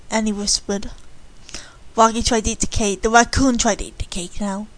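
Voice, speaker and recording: A woman narrating a storybook reading in a hushed, matter-of-fact way. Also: on the high side, fairly even intonation, moderate pace, no echo.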